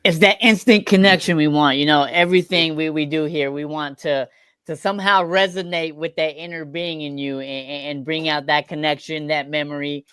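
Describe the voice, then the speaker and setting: An earnest man reflecting in a casual podcast chat. His voice is smooth and clear, recorded dry and close. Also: fairly high pitch, steady tone, moderate pace, a bit bright, no echo.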